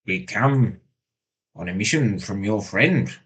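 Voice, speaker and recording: A man speaking in character during a tabletop game, with courtly, formal phrasing. His voice is low and husky. He takes his time over each line. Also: lively intonation, takes it slowly, fairly bright tone. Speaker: player.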